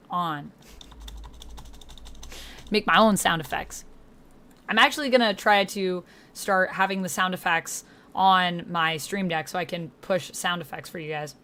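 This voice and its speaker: A woman's voice: fairly low pitch, measured pace, long pauses, bright, forceful tone. A woman streamer chatting casually on a livestream, thinking aloud and asking herself questions as she goes.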